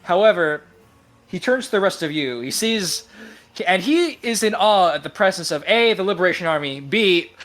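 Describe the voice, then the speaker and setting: A man's voice: high voice, expressive, normal speed, a bit bright. A man running a tabletop game as game master, casual and laughing often.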